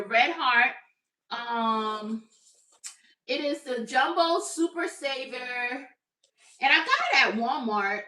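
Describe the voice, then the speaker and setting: A woman's voice: high-pitched, sharp tone, reverberant, far from the mic. A woman hosting a crochet livestream, chatting upbeat with her viewers. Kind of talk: casual livestream chat.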